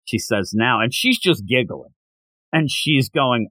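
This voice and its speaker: A middle-aged man co-hosting a podcast, recapping a manga chapter in casual chat, animated and dropping into silly voices when quoting characters. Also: medium pitch, a little slow, no echo. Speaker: podcast co-host.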